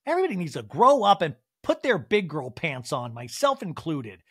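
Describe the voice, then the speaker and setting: A man's voice: a little high, huge pitch swings, normal speed, a bit bright, breathy edge, no echo, clean studio sound, exaggerated voice. A man voicing a snarky, agitated reality-TV wife who talks in a snippy, sarcastic way.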